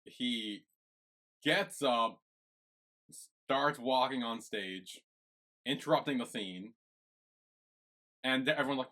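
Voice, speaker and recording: A man's voice: mid-range voice, slow, pauses often. A young man co-hosting a podcast, retelling episode plot in a casual storytelling way. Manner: storytelling, quoting characters with lively shifts. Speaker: podcast co-host. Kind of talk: casual chat recapping a series.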